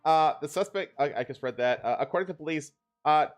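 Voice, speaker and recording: A man's voice: fairly high pitch, a little fast, soft background music. A man co-hosting a podcast, reading news stories in a loose, joking way and laughing often. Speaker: podcast co-host. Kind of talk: casual news chat.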